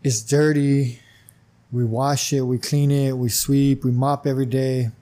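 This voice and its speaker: As a podcast guest in a casual storytelling interview, a man who is a wrestling commissioner and gym owner tells a story, animatedly acting out conversations. His voice is medium-pitched and unhurried, and he uses many "you know" fillers.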